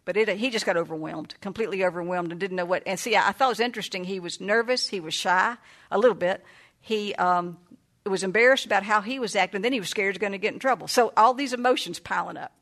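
A woman's voice: medium pitch, fast talker. An older woman, a grandmother and counselor, telling a family story in a chatty way, laughing often and acting out what people said. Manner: warm, chatty, laughs often and acts out quoted voices. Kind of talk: casual storytelling talk.

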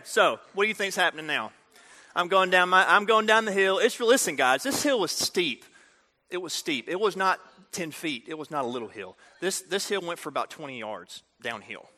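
A man preaching a storytelling sermon, talking directly to the audience in an animated way. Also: fairly high pitch. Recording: reverberant hall.

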